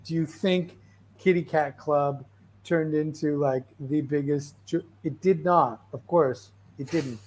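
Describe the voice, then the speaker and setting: A man's voice: fairly high pitch, slow, slight background noise. A man hosting a casual motivational talk, rambling through stories with constant "right?" and "like" and frequent restarts. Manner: restless, animated storyteller with frequent restarts.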